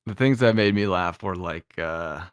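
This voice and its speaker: Co-host, male, lowish voice, relaxed short remarks, dry sound. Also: normal speed, clean tone, no room sound. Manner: laid-back, laughs often, short remarks. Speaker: podcast co-host. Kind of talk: casual review chat.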